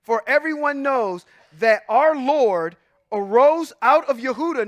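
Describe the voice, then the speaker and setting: Speaking at a measured pace with lively intonation, a man with a very high voice delivers preacherly Bible teaching to a congregation. He reads verses and unpacks them emphatically, moving between loud moments and hushed asides, captured in studio quality with no room sound.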